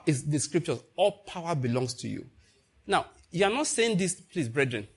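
A man's voice: a little high, sing-song, moderate pace, breathy edge. A man preaching a sermon to his congregation, acting out little dialogues and laughing along the way. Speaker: pastor.

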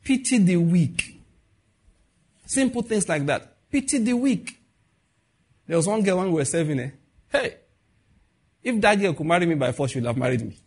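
A man's voice: on the high side, fairly quick, husky. A middle-aged man with a Nigerian accent preaching in a conversational way, acting out quoted dialogue and asking his listeners questions. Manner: animated, acts out quoted dialogue, asks the audience questions. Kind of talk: conversational sermon.

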